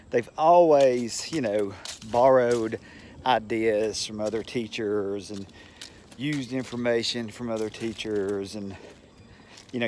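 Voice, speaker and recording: A man's voice: mid-range voice, slight background noise. Older man telling folksy teaching stories. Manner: rambling, folksy anecdotes with acted-out quotes. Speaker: retired teacher. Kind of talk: casual storytelling monologue.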